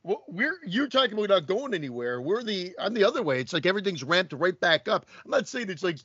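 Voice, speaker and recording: A man's voice: sits high, very animated, fast talker, a bit bright, slightly rough, no room sound. A man co-hosting a podcast in casual chat, teasing his co-host with jokes. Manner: joking, teasing interjections. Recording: dry, dull lo-fi sound.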